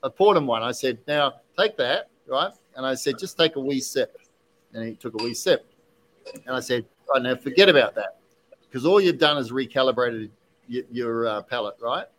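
A man hosting a podcast, telling an animated story casually with many restarts and asides. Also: mid-range voice, brisk, slight background noise, rough recording. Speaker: podcast host, whiskey distiller.

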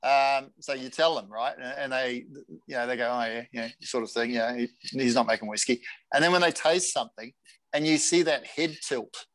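A man's voice: medium pitch, normal speed, no room sound, rough recording. Chatty male host. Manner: storytelling, animated quoting. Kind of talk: casual interview chat.

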